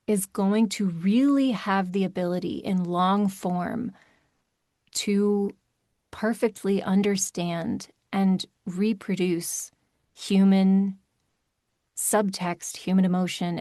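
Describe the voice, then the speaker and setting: A woman audiobook narrator talking in a podcast interview, animated and emphatic with quick asides. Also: mid-range voice, no echo, clean studio sound.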